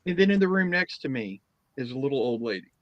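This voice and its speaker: Animated man telling a story. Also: medium pitch, fast, dry recording, muffled recording. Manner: animated anecdote-teller, chuckling through his story. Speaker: podcast co-host. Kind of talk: casual chat, storytelling.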